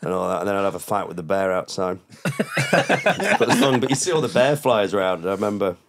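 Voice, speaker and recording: A man's voice: sits low, very animated, brisk, noisy background. A comedian guest on a podcast telling rambling anecdotes and often laughing at his own stories. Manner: quotes people in a raised, mocking voice. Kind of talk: casual podcast storytelling.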